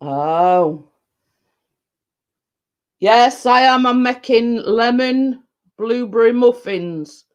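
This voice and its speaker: A woman's voice: fairly high pitch, lively intonation, extremely slow, pauses often, highs cut off. A middle-aged woman, chatting casually to viewers and rambling along, often repeating herself and laughing. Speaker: vlogger reading viewer comments. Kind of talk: casual live chat.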